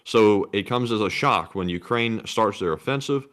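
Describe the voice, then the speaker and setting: A man's voice: on the low side, moderate pace, a bit bright. A man co-hosting a casual livestream, reading supporter messages aloud in a laid-back way. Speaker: co-host reading donations.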